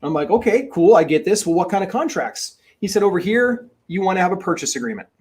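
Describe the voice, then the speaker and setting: A man teaching real estate investing in a webinar, talking in an emphatic, energetic way and repeating his key points. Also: high voice, quick pace. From Minnesota.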